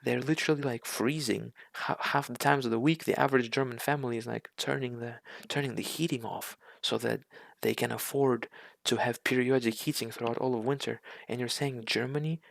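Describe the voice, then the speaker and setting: A man's voice: medium pitch, fairly even intonation, a little fast, vocal fry, dry recording. A man from Russia giving a ranting reaction commentary, incredulous and sarcastic, often stumbling over restarts.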